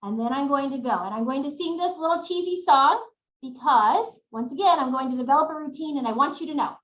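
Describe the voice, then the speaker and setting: Bright, high-voiced woman teaching a webinar. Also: a little fast, reverberant, poor audio. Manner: animated, demonstrating routines aloud. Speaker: workshop presenter. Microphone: webcam.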